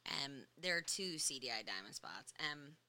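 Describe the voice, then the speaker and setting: A young woman from New York hosting a casual chat, an animated storyteller who laughs often. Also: very deep voice, normal speed. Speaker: podcast host.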